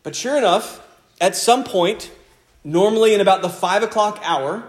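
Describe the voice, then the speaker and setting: A man's voice: high voice, normal speed. A male pastor preaching a sermon in an earnest, conversational way, often repeating key phrases. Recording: echoey room sound.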